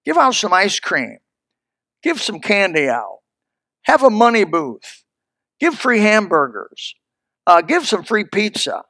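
A man's voice: sits high, big pitch swings, takes it slowly, long pauses, bright, forceful tone, no echo, studio quality. A man pastor preaching a sermon in an emphatic, folksy, storytelling manner.

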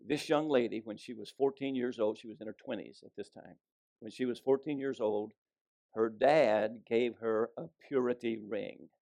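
A man's voice: medium pitch, normal speed, creaky, dark tone. A middle-aged man, a pastor, preaching a sermon in a folksy storytelling way and reading scripture aloud. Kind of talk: sermon with jokes.

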